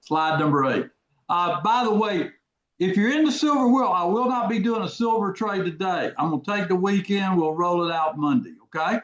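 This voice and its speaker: Folksy male trading host, slightly high voice, roomy lo-fi call audio. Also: expressive, normal speed. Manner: folksy, repetitive, asks the audience questions. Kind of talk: casual live webinar talk. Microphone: video call. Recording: echoey, dull lo-fi audio.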